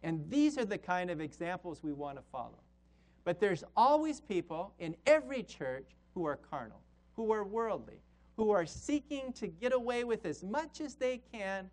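Emphatic preaching man. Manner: emphatic, drops to quiet low phrases for emphasis; slows down on key words. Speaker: pastor. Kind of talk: sermon.

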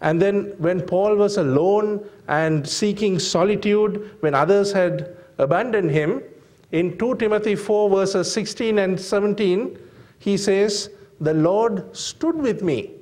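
A man preaching a sermon, slow and deliberate, with frequent fillers and emphatic rhetorical questions to the congregation. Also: on the high side, darkish tone.

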